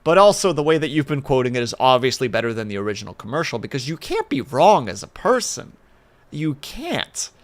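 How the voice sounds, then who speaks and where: A man's voice: medium pitch, very animated, quick pace, few pauses. A man chatting casually on a livestream, rambling with playful asides in a home setup with a desk mic. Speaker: streamer. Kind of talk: casual stream chat.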